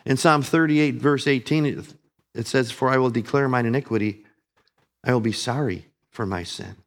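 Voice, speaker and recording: A man preaching a sermon, earnest, rising on emphasis and dropping soft and low on solemn lines. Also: moderate pace.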